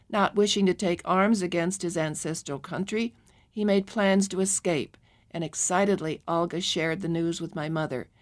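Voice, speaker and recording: A woman narrating a memoir audiobook in a measured, calm reading. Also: fairly low pitch.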